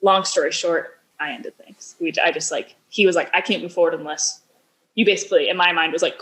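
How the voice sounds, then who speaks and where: A woman's voice: fairly low pitch, fairly even intonation, brisk, a bit bright. Chatty woman guest telling her story. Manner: chatty, says "like" often, acts out quoted dialogue. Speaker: podcast guest, business founder. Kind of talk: candid personal storytelling.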